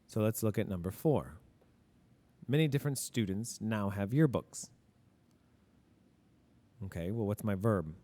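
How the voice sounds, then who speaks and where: Low and dark, this man's voice is expressive and unhurried, with frequent pauses. He teaches grammar in a casual style, working through examples by asking and answering his own questions, and he admits his mistakes without fuss.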